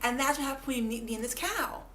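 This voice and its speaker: Chatty woman vlogger, halting and self-mocking, slightly high, recorded in a roomy space. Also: pushed and bright. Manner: chatty, self-mocking, acts out little voices for animals; halting, repeats words. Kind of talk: casual talk to camera. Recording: echoey room, faint background noise.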